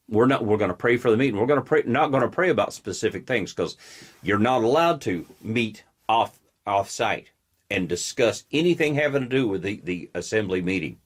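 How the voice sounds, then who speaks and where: A man's voice: mid-range voice, lively intonation, brisk, husky. A man hosting his own show, giving a blunt, combative political commentary monologue. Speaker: host.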